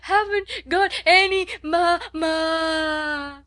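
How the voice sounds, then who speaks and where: A woman's voice: extremely high pitch, fairly even intonation, extremely slow, sharp tone, pitched above the performer's own voice, full character voice. A woman voicing a small spoiled girl who wails and sobs through broken words, in a storybook reading. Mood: wailing tantrum.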